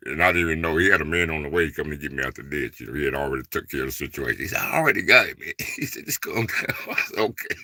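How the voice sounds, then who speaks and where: A man's voice: rumbling low, sharp tone, no echo. A man hosting a casual chat with viewers, rambling loosely with lots of fillers and informal dialect speech. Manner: rambling, loose, filler-heavy, repeats "man" and "you know". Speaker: livestream host.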